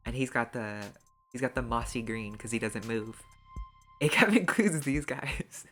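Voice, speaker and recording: A game streamer talking off the cuff while playing. The voice is loose and chatty, full of quick jokes and laughter, with plenty of swearing. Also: medium pitch, fairly bright tone, faint music behind. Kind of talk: casual gameplay commentary.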